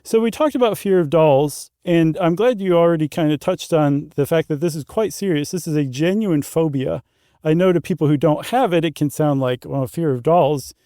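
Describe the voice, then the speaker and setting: A man's voice: a little high, moderate pace, dark tone, clear, resonant tone, no echo, studio quality. A middle-aged man co-hosting a podcast, explaining in a chatty way with many fillers. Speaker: podcast co-host. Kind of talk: casual chat.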